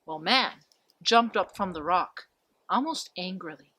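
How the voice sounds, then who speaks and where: A woman telling a folk tale in an expressive, dramatic storytelling manner. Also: on the low side, a little slow, slightly rough, no echo. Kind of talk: spoken folk tale narration.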